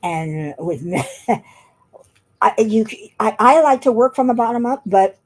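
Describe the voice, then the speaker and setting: A woman's voice: medium pitch, expressive, measured pace. A woman chatting casually while she works on a craft at home, rambling and laughing often. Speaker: craft vlogger.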